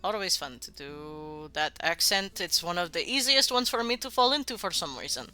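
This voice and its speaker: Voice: medium pitch, lively intonation, moderate pace, pushed and bright, faint music behind. A streamer chatting casually while building a game world, rambling, laughing often and swearing freely. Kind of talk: casual live-stream chat.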